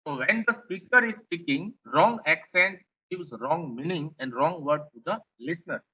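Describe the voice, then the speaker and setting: Indian english guy teaching a class, high bright voice, keeps repeating himself, kinda muffled lo-fi sound. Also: normal speed, slightly rough. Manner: repetitive, explanatory, rephrases points. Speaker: lecturer. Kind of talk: classroom lecture.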